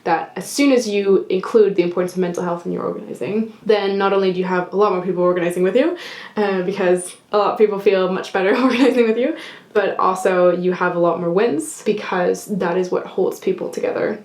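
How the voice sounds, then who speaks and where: A woman's voice: medium pitch, fairly quick, hardly any pauses, a little mellow. A woman guest in a casual political discussion, reflective and thoughtful, with lots of "like" fillers. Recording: echoey room.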